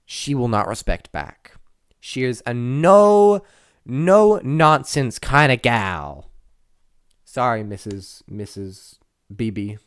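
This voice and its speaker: Close to a desk microphone, a host offers playful, rambling contest predictions, backtracking to correct themselves and slipping in jokes. The voice is medium-pitched with a clean tone and no echo.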